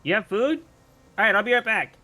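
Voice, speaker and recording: A man voicing a small, greedy, pushy raccoon that squeaks and keeps begging for food. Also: expressive, a little fast, pushed and bright, exaggerated voice. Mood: flat, casual. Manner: high squeaky pleading, repeats itself.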